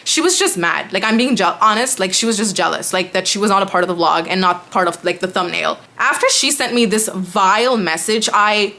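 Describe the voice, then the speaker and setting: A woman YouTuber talks through a storytime in a casual, indignant way. Her voice sits in a middle pitch, and she stays animated as she reads old text messages aloud. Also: fairly quick, hardly any pauses.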